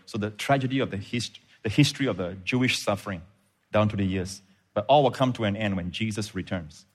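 A man's voice: lowish voice, quick pace. A man preaching a sermon as pastor, building fervor and punctuating with frequent amens.

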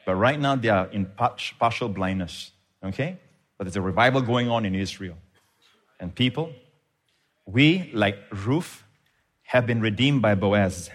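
A man's voice: mid-range voice, fairly bright tone. Man preaching with rising fervor. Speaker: pastor. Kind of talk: sermon.

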